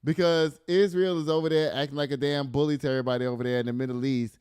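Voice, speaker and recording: A man's voice: fairly high pitch, quick pace, smooth, no echo, studio quality. A man hosting a casual news commentary podcast, reading headlines aloud and riffing on them with laughs and swearing. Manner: animated, laughing, swearing, reads news aloud then riffs. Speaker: podcast host.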